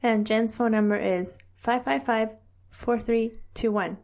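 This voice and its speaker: A woman co-hosting a podcast, telling stories in a casual, animated way with lots of giggles and quoted voices. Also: fairly high pitch, a little slow. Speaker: podcast co-host. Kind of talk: casual chat.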